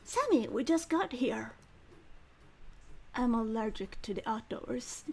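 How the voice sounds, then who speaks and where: A grumbling homebody of a young man in a game, as a woman puts him on. He drawls slowly in a mock-manly voice with a clumsy try at a British accent, though the voice still sits fairly high. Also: lively intonation, gravelly, darkish tone, husky, heavily acted. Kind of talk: streamer voicing a game character.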